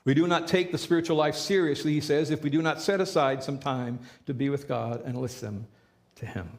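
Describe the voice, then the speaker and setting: Pitched fairly high and speaking briskly, a male pastor preaches a sermon in a relaxed, conversational style, hammering key phrases through repetition.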